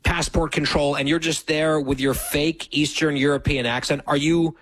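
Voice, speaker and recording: A man's voice: fairly high pitch, fairly even intonation, normal speed, a bit bright. A man hosting a radio show, chatting casually and poking skeptical, teasing questions at his co-host. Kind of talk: casual chat.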